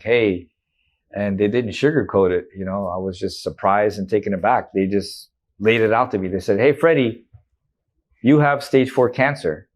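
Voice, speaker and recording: A man in his thirties, a guest in an interview, candidly retelling a personal story with emotion and quoted dialogue. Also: lowish voice.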